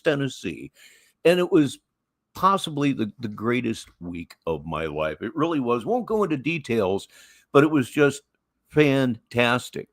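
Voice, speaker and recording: Lively rambling older man hosting. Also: mid-range voice, no echo, clean studio sound. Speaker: livestream host. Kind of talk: casual storytelling and live commentary.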